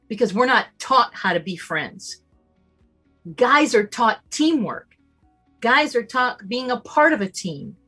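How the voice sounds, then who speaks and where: A woman speaks as a summit guest in a slightly high voice, emphatic and animated. She acts out little bits of dialogue in shifting voices. Faint music sits behind her. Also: slow pace, breathy edge. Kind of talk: casual talk, motivational.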